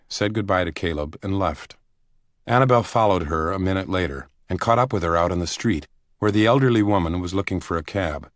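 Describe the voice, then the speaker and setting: A man narrating a thriller audiobook in a measured, even storytelling manner. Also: deep voice, no room sound, clean studio sound.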